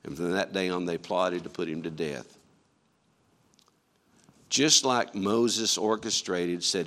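A man preaching a sermon, emphatic and full of rhetorical questions, shifting between quiet and loud passages. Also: sits low, slow, pauses often, big-room sound.

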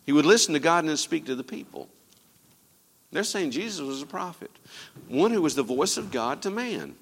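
A man preaching a sermon as pastor, swinging between loud emphatic lines and quiet, low asides. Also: very animated, normal speed, in a large hall. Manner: preaching with sweeping rises and drops in pitch and loudness.

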